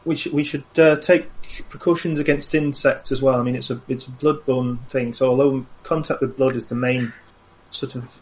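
A man playing a tabletop game, speaking in a measured, deadpan way. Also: mid-range voice, rough recording. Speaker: player. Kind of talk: casual tabletop game chat.

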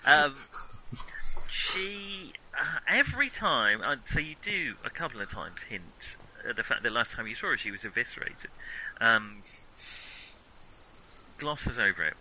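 Game master, man, very bright and lively, playful, jokey. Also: mid-range voice, slight background noise, low-quality recording. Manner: playful, jokey, halting with fillers. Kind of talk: narrating a tabletop game.

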